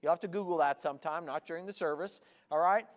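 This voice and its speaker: A Canadian-born pastor in his forties gives a light, joking sermon in a high, bright voice. His words ring out with a long reverb through a big church hall. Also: quick pace. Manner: chatty, joking with the congregation. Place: church sanctuary.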